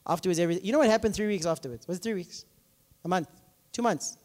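A man's voice: high voice, racing. A male pastor preaching a conversational sermon, telling stories and often checking in with the congregation. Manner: animated, asks congregation often, many fillers. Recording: long hall reverb.

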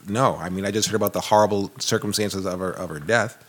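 A man co-hosting a casual podcast, speaking in a hesitant, measured way with frequent restarts. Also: low-pitched, a bit bright. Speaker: podcast co-host. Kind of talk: casual chat.

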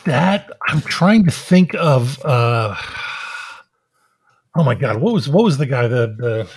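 A man's voice: medium pitch, expressive, slow pace, slightly rough. A man co-hosting a podcast, ranting in a profane, exasperated way. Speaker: podcast co-host. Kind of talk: casual chat.

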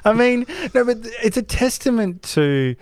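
A man's voice: very high-pitched, sing-song, normal speed. A man co-hosting a casual film podcast, talking enthusiastically and rambling with frequent asides and swearing. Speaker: podcast co-host.

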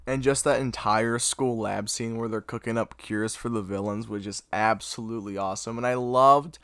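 Young guy raving about a movie, lowish voice, dead dry sound. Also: moderate pace, hardly any pauses, smooth, no room sound. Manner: gushing, animated, says "dude" and "oh my God". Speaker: movie fan reviewer. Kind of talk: excited casual movie recap.

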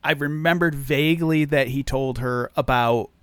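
A man's voice: medium pitch, moderate pace, clear, resonant tone, no echo. A man co-hosting a podcast, rambling about a film with many restarts and fillers, sleep deprived. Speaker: podcast co-host. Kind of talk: casual film discussion.

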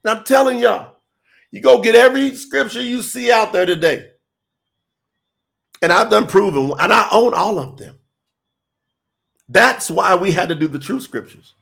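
A man's voice: high-pitched, gravelly, fairly bright tone. A man preaching in an informal, emphatic style, firing rhetorical questions at his listeners. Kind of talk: informal sermon.

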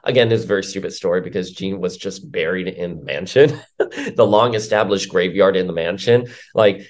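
A man's voice: low voice, brisk. A man giving casual, opinionated commentary as a comic book reviewer, rambling with filler words.

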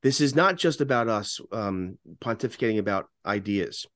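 A man's voice: fairly low pitch, animated, normal speed, a bit bright, dry recording, clean studio sound. A man co-hosting a political podcast, talking with passion and often restarting his sentences. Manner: repetitive restarts, impassioned. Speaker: radio talk show host.

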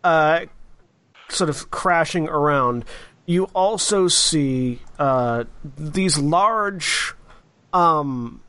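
Man, game master, slightly high voice, slow deliberate narration. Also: pushed and bright, slight background noise. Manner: descriptive, unhurried scene-setting.

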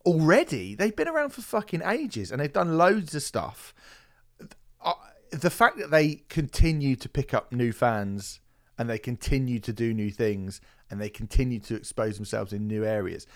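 A man's voice: medium pitch, expressive, normal speed. A man hosting a podcast, chatting casually and animatedly, swearing and mocking critics in quoted voices. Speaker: podcast host.

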